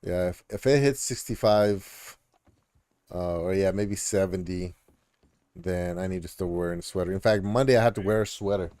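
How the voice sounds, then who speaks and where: A man streaming a game chats away in a relaxed, meandering manner, stopping often for fillers. His voice sits low and sounds mellow and dark. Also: normal speed. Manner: rambling, laid-back, with many fillers. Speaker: live streamer. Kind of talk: casual chat while gaming.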